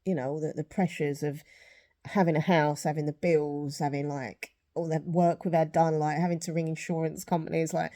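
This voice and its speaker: Low-voiced emotional woman vlogging. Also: level tone, normal speed, dark tone. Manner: rambling and apologetic, with sighs. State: emotional, close to tears. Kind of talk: casual chat to camera.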